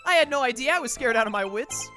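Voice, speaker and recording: A woman's voice: high voice, lively intonation, quick pace, sharp tone. A woman voicing a scatterbrained young female witness who stammers, with game music underneath. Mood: panicked. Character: bubbly young female spirit-medium witness, flustered. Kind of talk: reading game dialogue aloud.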